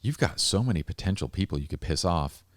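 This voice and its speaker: A man with an extremely low voice hosts a casual podcast chat, relaxed and slangy. The mic is close and dry, with no room sound. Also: quick pace, no room sound. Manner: relaxed, slangy, says "dude". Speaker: podcast host.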